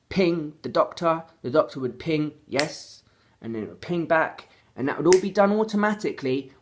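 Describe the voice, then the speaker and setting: A London vlogger with a London accent rants angrily to camera, swearing heavily as she repeats her complaints. Her voice is deep and darkish in tone.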